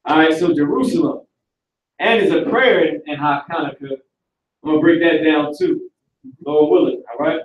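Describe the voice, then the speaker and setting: A man teaches a live online class, lecturing casually and slangily. His voice sits fairly high. He sounds echoey and distant from the mic. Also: normal speed, slight background noise.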